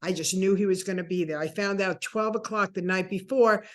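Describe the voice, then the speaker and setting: A woman in her sixties, a guest telling a personal story with animated, acted-out dialogue. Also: medium pitch, brisk. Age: 60s. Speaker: interview guest.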